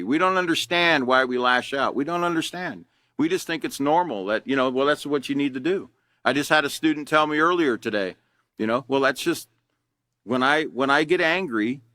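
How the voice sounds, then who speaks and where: A man's voice: mid-range voice, bright, forceful tone, no room sound, clean studio sound. A middle-aged man, teaching an anger management class in a casual, conversational way and asking his students questions.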